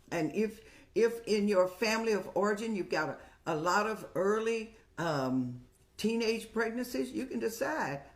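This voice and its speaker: A woman's voice: mid-range voice, measured pace. Folksy motherly woman giving advice. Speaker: advice show host. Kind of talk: casual advice talk.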